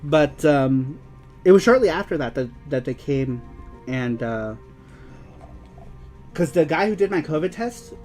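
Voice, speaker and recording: A man's voice: a little high, animated, unhurried, long pauses, darkish tone, soft background music. A young man co-hosting a casual show who keeps breaking into fits of giggling. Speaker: podcast co-host. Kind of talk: casual chat.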